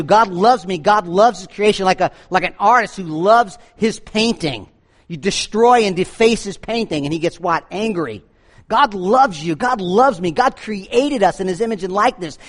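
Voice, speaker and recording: A man preaching a sermon, animated, swinging between booming lines and low asides. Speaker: pastor.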